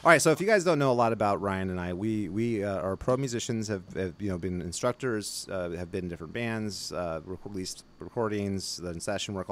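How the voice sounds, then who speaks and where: A middle-aged man hosting a podcast in casual, joking banter, chatty and quick to put on accents. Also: low-pitched, slight background noise. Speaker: podcast host.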